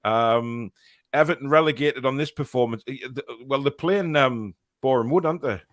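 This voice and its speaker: A man's voice: mid-range voice, normal speed, no room sound, studio quality. A man hosting a casual fan podcast live stream, chatting and reading out viewer messages with plenty of fillers.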